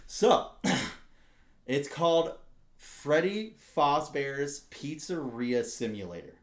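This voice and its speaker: Profane, animated podcast guy. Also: on the low side. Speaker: podcast host. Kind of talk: casual chat. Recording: roomy echo.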